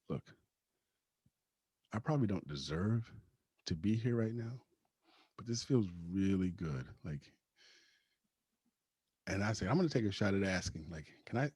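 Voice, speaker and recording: A man with a husky voice, a podcast guest telling a personal story casually, laughing often and acting out the lines of the people in it. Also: low-pitched, darkish tone, dry recording. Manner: acts out quoted dialogue.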